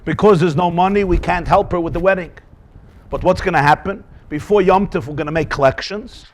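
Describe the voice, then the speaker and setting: Teaching Talmud in a high voice and brisk manner, the rabbi stays animated, tossing out rhetorical questions and weaving in Hebrew and Yiddish words.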